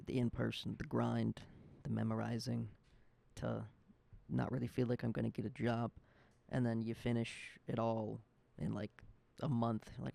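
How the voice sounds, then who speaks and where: A man's voice: mid-range voice, creaky, warm tone. A young man in his twenties hosting a podcast, telling a rambling, profane story in a casual, fired-up rant. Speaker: podcast host. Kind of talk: casual ranting monologue.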